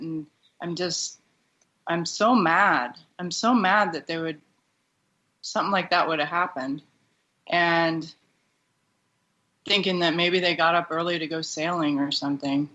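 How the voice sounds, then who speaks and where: A woman's voice: lowish voice, pushed and bright, lo-fi sound. Emotional woman recounting a hard memory. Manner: halting, emotional retelling with many restarts. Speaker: guest. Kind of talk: personal storytelling.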